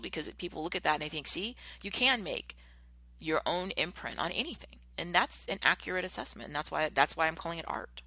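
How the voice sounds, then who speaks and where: A woman hosting a motivational podcast, talking passionately and emphatically, and slowing down to stress her key words. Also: sits low, gravelly, pushed and bright, dry recording. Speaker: podcast host.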